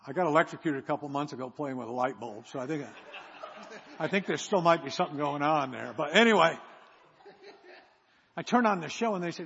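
A man with a husky, fairly high voice tells a rambling, self-mocking story from the pulpit. His words ring out into a large hall with a long echo, and the sound is slightly muffled. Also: lively intonation, fairly quick, fairly bright tone. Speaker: preacher. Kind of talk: sermon storytelling. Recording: echoey hall, dull sound.

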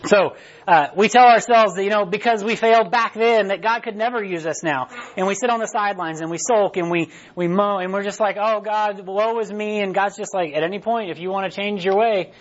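Guy pastor giving a chatty sermon, kinda high voice, muffled lo-fi audio. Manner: conversational, repeats "right?" often.

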